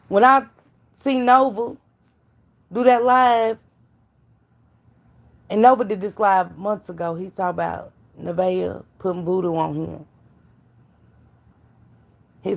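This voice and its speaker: A woman's voice: lowish voice, gravelly, darkish tone. A woman giving blunt, profane gossip commentary to her live stream chat, preaching and calling out viewers by name.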